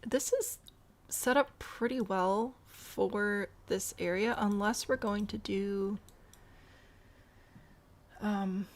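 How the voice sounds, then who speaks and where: Woman rambling through a zoo sim let's play, bit of vocal fry, chats to her animals. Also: medium pitch, fairly even intonation, slow pace, pauses often. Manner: chatty, thinks aloud, talks to the animals. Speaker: game streamer. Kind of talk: casual let's-play commentary.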